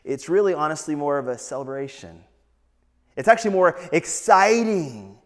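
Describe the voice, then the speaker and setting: A man's voice: a little high, lively intonation, moderate pace. A man giving a sermon as pastor, earnest and conversational, telling stories to his congregation. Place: church sanctuary. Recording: long hall reverb, faint music behind.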